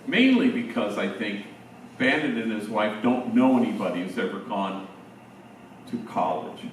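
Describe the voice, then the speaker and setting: A man in his sixties, a priest, telling stories to a room of teachers in a relaxed, conversational way with slangy asides. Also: lowish voice, moderate pace, a little hiss or hum. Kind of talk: storytelling talk to teachers. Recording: echoey hall, distant mic.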